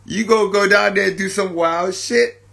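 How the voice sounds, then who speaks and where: A man's voice: high-pitched, fairly even intonation, normal speed, creaky, bright, forceful tone. A man giving a casual, jovial spiritual monologue, laughing often and talking in slang with lots of repetition.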